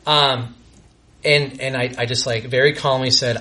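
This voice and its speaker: A young man telling a self-deprecating true story on stage before a live audience, halting and restarting his sentences. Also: mid-range voice, steady tone, pushed and bright.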